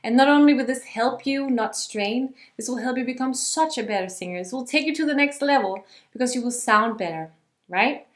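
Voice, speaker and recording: A woman's voice: on the high side, a little fast. A young woman giving a friendly vocal lesson to camera as a singing teacher. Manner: friendly, demonstrates sung and yelled examples.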